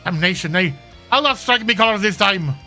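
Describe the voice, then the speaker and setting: A man's voice: sits high, expressive, a little fast, bright, forceful tone, faint music behind, exaggerated voice. A man voicing a boastful, theatrical pirate captain in a fan voice-over of game dialogue, drawing out his words in old-timey pirate speech.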